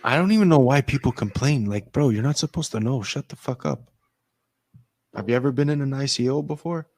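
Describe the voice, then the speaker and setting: A man's voice: medium pitch, lively intonation, fast, a little mellow. A man ranting in casual chat, swearing heavily. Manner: profane, ranting.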